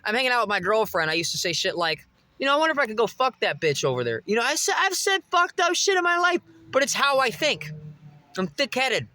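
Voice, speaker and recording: A man's voice: extremely high pitch, big pitch swings, quick pace, bright, forceful tone, dry recording. A young man vlogging, telling a rambling, profane story straight to his viewers. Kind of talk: casual monologue to camera.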